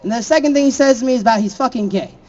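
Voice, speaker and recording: A man's voice: extremely high pitch, rapid-fire, darkish tone, dull audio. A young man from Florida doing a stand-up set, laughing at his own jokes and throwing chatty asides to the crowd. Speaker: stand-up comedian.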